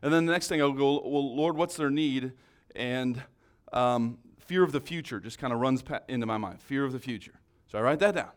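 A man's voice: mid-range voice, a little fast. A man preaching a sermon, telling a story in a casual, conversational way with many restarts. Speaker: pastor.

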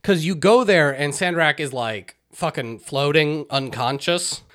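A man's voice: on the high side, unhurried. A young man co-hosting a podcast, recapping a game in casual, profane chat full of "like" and "uh". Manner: animated retelling, swears freely, hedges with "like" and "uh". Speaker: podcast co-host.

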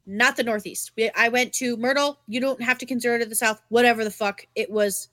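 A young woman, co-hosting a podcast and telling stories in casual chat, swearing freely and animated. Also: a little high, fairly quick, dry recording. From New England. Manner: animated, swearing storyteller with many fillers. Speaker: podcast co-host.

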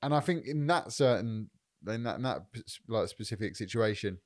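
A young man co-hosting a podcast, giving considered opinions in a casual, measured way with lots of fillers. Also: fairly low pitch, lively intonation, no echo, clean studio sound. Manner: thoughtful, measured, hedging with fillers. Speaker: podcast co-host. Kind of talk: casual chat.

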